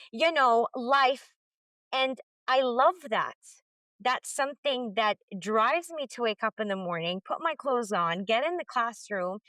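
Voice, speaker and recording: A woman's voice: fairly high pitch, no room sound. A woman who teaches middle school, a podcast guest telling her story candidly and with animation. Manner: emphatic, animated, acts out quoted dialogue.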